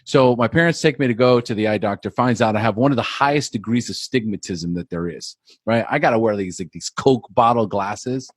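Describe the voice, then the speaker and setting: A man's voice: fairly low pitch, fairly quick, husky, no room sound, studio quality. A man, a life coach, telling his personal story as a podcast guest in an earnest way, often repeating words as he builds the tale.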